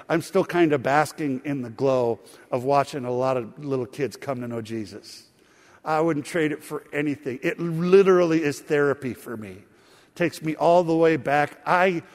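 Casting note: middle-aged male pastor, slightly higher voice, folksy sermon storytelling, long church reverb. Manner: folksy storytelling, addresses congregation as friends. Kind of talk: sermon with personal stories.

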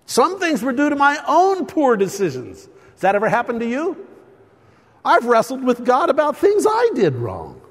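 An older man preaching a sermon, his fairly high voice rising and falling with animated storytelling. He swings from loud bursts to hushed asides, and a long reverb trails through the church hall. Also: moderate pace, husky.

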